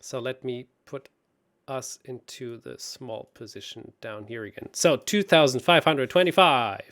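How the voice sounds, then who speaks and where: A man's voice: medium pitch, measured pace, a bit bright. Chatty man talking through chess tactics. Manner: chatty, laughs often, thinks aloud. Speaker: co-host. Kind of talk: casual chess chat.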